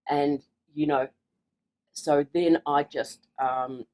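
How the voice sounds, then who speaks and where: A woman's voice: sits low, fairly even intonation, slow pace, dark tone, poor audio. A woman from Australia chatting in an interview about her business, talking with many fillers and restarts. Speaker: online seller sharing her story. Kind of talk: casual interview.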